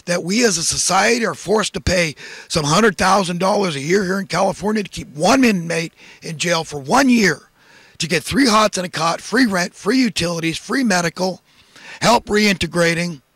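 A man's voice: sits high, animated, moderate pace, a bit bright, slightly rough, no echo. A man delivering a preachy, impassioned monologue of social commentary, full of emphatic rhetorical questions. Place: in California.

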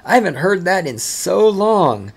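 A man's voice: sits high, very animated, measured pace, slightly rough. A man from Texas, hosting a solo podcast from home, ranting angrily and with plenty of swearing and sarcastic asides. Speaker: podcast host. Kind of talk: profane solo podcast rant.

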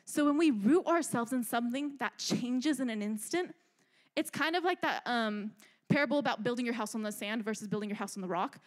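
A young adult woman delivers a youth sermon with a fairly high voice. She talks in an animated, chatty way and keeps checking in with her listeners. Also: fairly quick. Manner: animated, chatty, asks "right?" a lot. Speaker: youth speaker.

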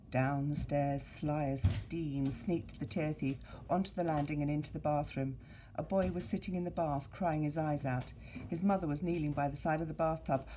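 A woman teacher reading a story aloud to her pupils, expressive and playful with sound effects and asides. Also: sits low, slight background noise. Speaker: primary school teacher.

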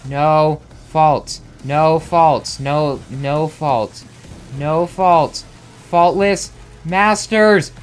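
A young man giving frustrated, self-mocking let's play commentary as a gamer, with excitable outbursts. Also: on the high side, drawn-out words, slight background noise. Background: faint game music.

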